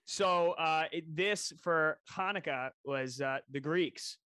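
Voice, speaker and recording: A man's voice: fairly high pitch, takes it slowly, sharp tone, smooth, no echo. A man co-hosting a podcast, chatting casually and wandering into side tangents. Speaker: podcast co-host. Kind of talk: casual chat.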